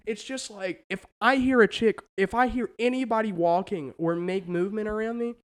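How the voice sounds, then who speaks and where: A young American man co-hosting a casual podcast, telling an animated story with lots of swearing and acted-out quotes. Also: high-pitched, moderate pace. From United States. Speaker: podcast co-host. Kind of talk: casual chat.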